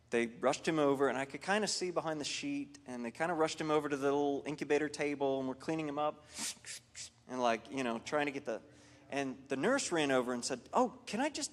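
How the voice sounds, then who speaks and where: A man's voice: mid-range voice, big-room sound. A man leading a worship team rehearsal, talking casually and telling a story in a loose, rambling way with many fillers and restarts. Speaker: worship leader. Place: church hall during a music rehearsal.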